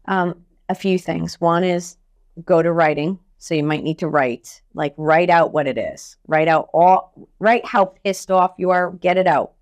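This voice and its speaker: Woman coach on a podcast, kinda low voice, super animated, swears casually. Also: unhurried. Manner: energetic, animated storytelling with blunt casual swearing. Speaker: mental skills coach, guest. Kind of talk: podcast interview.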